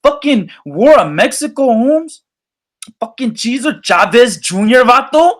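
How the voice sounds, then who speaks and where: A man's voice: very animated, measured pace, heavily acted. A man putting on the voice of a brash, profane man who scoffs at a doubter in heavy slang. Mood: mocking. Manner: taunting, profane, high-pitched mockery.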